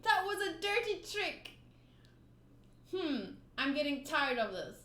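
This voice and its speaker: Woman reading as a young boy, eager, insistent, high voice, roomy echo. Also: sing-song, takes it slowly, pushed and bright, full character voice. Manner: earnest and insistent. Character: eager young boy who wants to be a pirate.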